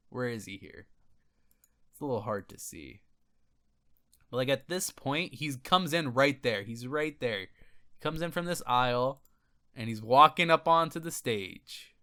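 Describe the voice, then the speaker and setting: A man with a bright, fairly high voice that jumps around a lot in pitch, giving casual commentary over a gaming clip. He is excitable and profane, laughing and tripping over his words. He talks like a gaming channel host breaking down footage. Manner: excitable, swears freely, laughs and restarts often.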